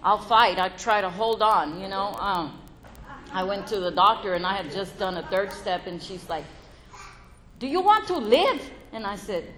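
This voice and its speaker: Speaking at a recovery meeting, a middle-aged woman gives a frank personal testimony, laughing often and swearing freely. Her voice is medium-pitched and a bit bright, with fairly even intonation at a normal speed. The meeting room audience adds faint crowd and background noise.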